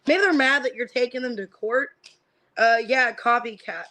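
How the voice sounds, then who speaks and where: A woman giving a casual live-streamed tarot reading. She names the cards one by one and thinks out loud as she reads them, with lots of fillers. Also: a little high, normal speed, poor audio. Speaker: tarot reader.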